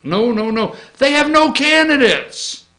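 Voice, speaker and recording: A man's voice: extremely high pitch, unhurried. A man hosting a casual opinion show, rambling through a list with jokes and asides. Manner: joking, rambling, animated, with asides. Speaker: host.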